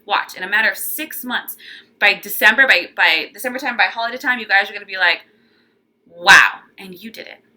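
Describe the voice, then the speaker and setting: A young woman giving a casual tarot forecast, chatty and animated, often acting out quoted voices. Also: medium pitch, quick pace. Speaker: tarot reader.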